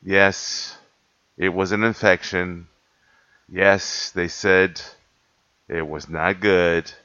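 A man with a lowish voice tells a rambling story to the camera, laughing and correcting himself as he goes. The recording is dull and lo-fi, with a dry sound and no room echo. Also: fairly even intonation, extremely slow, pushed and bright, smooth. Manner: rambling, self-correcting, laughs between points. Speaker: cat rescuer telling a story.

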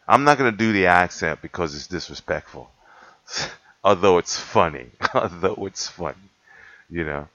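A man's voice: lowish voice, normal speed, a bit bright, no echo. A man telling a long story in a casual, rambling way, correcting himself often and laughing between points. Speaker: cat rescuer telling a story. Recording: dull lo-fi dry recording.

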